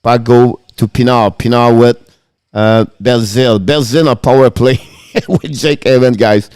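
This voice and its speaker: An excitable man calls a hockey game play by play on his live stream, laughing often between calls. His voice sits in the middle of the male range and comes across smooth and clear. The sound is dry and close to the mic. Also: medium pitch, a little slow, dry recording. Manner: excitable, laughs often, broken English phrasing.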